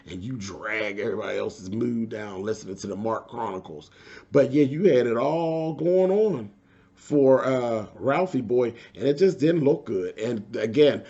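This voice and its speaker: A man talks through a reality TV recap in a sassy, emphatic way. His voice is gravelly with a creaky edge and sits at an ordinary middle pitch. The recording is dull and lo-fi. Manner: sassy, emphatic, repeats points, calls viewers "child" and "honey". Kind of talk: casual recap commentary.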